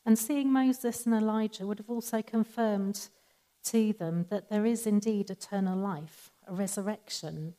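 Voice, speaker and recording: A woman giving a sermon in a calm, measured, conversational teaching manner. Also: mid-range voice, rough recording. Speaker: preacher.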